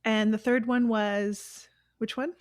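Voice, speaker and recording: A woman co-hosting a casual chat show, reasoning out loud in a relaxed, hesitant way. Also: on the high side, slow, clean tone, dry recording. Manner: thinks aloud, hesitant. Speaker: co-host.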